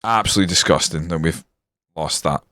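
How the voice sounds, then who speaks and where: A man commentating his football management game on a live stream, swearing and ranting, then breaking into excited match commentary. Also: low-pitched, a little fast, no room sound, clean studio sound.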